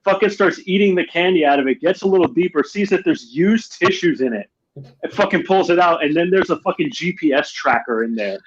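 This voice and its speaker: A man with a slightly high, husky voice tells an animated story in casual chat, swearing freely and acting out the people he describes. The sound is muffled and lo-fi, as from a cheap mic. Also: fairly quick. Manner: animated storyteller, heavy swearing, acts out quotes. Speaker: podcast co-host.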